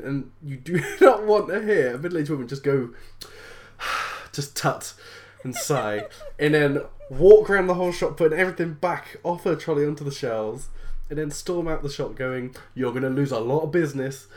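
A woman's voice: low-pitched, slight background noise. A British woman in casual chat, telling an exasperated shop-work story with frequent laughter. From Britain.

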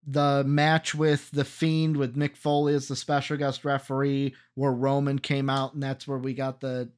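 A man's voice: mid-range voice, monotone, normal speed, clear, resonant tone. A man co-hosting a wrestling podcast in casual chat, reeling off facts and giving blunt opinions. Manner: lists facts matter-of-factly, blunt opinions. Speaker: podcast co-host.

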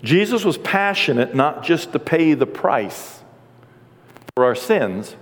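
A man preaching a sermon as pastor, animated and playful, acting out quick voices and jokes. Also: fairly high pitch, big-room sound.

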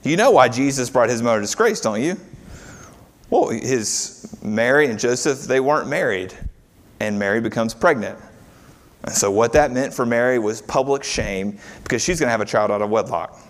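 Male pastor, mid pitch, chatty preaching style that leans on questions to the congregation. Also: lively intonation, normal speed. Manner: conversational preaching with rhetorical questions. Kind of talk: sermon.

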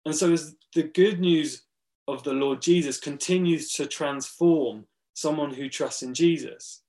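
A man preaching a sermon. He speaks earnestly and with emphasis, pausing between short phrases. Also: medium pitch, a little mellow.

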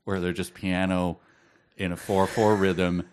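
A man co-hosting a podcast, joking in a dry, deadpan way. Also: low-pitched, a little slow. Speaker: podcast co-host. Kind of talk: casual podcast banter.

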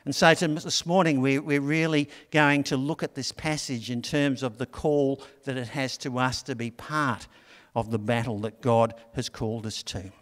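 A man's voice: medium pitch, fairly even intonation, normal speed, a bit bright, in a large hall. A middle-aged man preaching a sermon in a conversational, storytelling way. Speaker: pastor.

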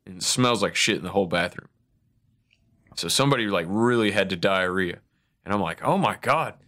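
Crude, laughing young man, low voice. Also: fairly quick, sharp tone. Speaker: podcast host. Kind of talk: casual chat.

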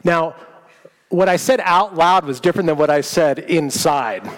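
A man preaching a sermon, telling a personal story in a lively, self-mocking way. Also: on the high side, normal speed. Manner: animated storytelling, self-mocking, laughs at himself. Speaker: pastor. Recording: long hall reverb.

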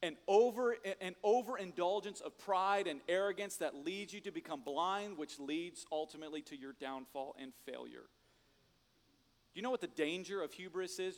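A male pastor preaching a sermon, animated and conversational, swinging from loud jokes to hushed emphasis. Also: fairly high pitch, in a large hall.

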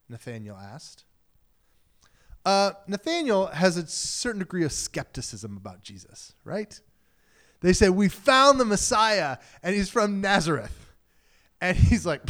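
A man preaching a sermon, reading scripture and explaining it in an animated, conversational way, acting out the voices of the people in the story. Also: high voice, moderate pace. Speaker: pastor.

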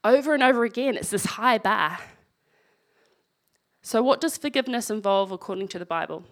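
A woman's voice: medium pitch, animated, brisk. A woman preaching a sermon, reading scripture aloud and breaking in with wry, conversational asides.

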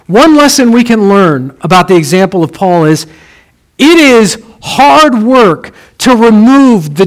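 High-voiced man preaching a sermon. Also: rough recording. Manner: expressive preaching, drops low and soft for emphasis. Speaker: pastor.

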